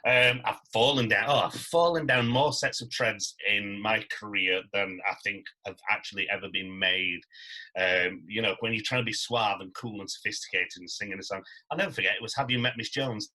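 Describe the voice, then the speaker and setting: A middle-aged man, a stage actor casually telling animated anecdotes and acting out quotes. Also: lowish voice, normal speed, low-quality recording. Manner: animated storyteller, acts out quotes.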